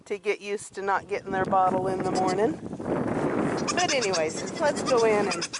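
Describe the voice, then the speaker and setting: A woman's voice: medium pitch, moderate pace. Chatty woman on a noisy goat farm. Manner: chatty and affectionate, with a laugh in her voice. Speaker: goat farmer and vlogger. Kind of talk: casual farm vlog. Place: outdoors on a goat farm, among the animals. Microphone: handheld camera. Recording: noisy outdoor farm, with goats bleating.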